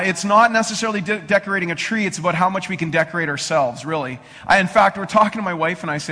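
A middle-aged man preaching a sermon as pastor, who reads scripture slowly and then talks casually with restarts. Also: high voice, pushed and bright, big-room sound. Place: church sanctuary.

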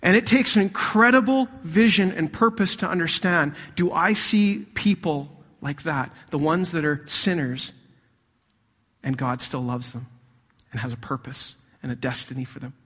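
Man preaching, high bright voice, animated, reverb of a big hall. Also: normal speed, breathy edge. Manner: animated, swings between loud emphasis and hushed intensity. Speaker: pastor. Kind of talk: sermon.

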